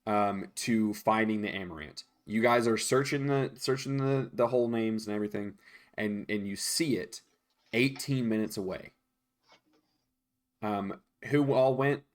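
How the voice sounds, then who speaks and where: A man narrating as game master of a tabletop game, relaxed and hesitant with frequent ums. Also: on the low side, unhurried.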